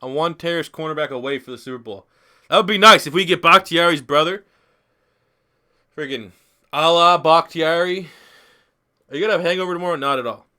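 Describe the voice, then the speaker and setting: Tipsy guy streaming a football game, high voice, swears a lot, rambles on. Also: fairly quick, long pauses, bright, forceful tone. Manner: rambling, profane and joking. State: a little tipsy from beer. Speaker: gaming YouTuber streaming. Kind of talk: casual live-stream commentary.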